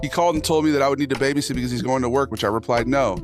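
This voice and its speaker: A man's voice: medium pitch, very fast. A man hosting a casual livestream, reading posts aloud and reacting with jokey, profane banter to his chat. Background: instrumental music playing under the talk.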